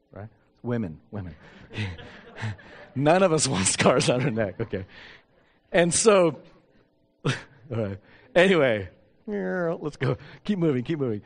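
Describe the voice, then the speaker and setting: Animated middle-aged man preaching a sermon. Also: medium pitch. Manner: animated, acts out dialogue, self-deprecating humor. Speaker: pastor. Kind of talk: sermon storytelling.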